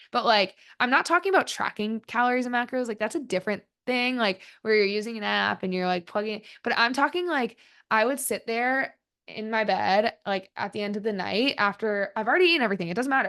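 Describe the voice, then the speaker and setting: A woman in her twenties hosts a solo podcast, her medium-pitched voice slightly bright. She chats casually and candidly, reflecting on herself and dropping in "like" a lot.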